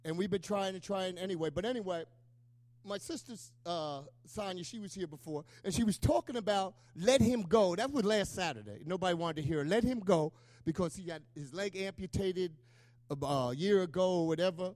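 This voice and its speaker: A man's voice: high voice, brisk, darkish tone, no room sound. A middle-aged man, a pastor, preaching an emotional, conversational sermon with call-and-response asides.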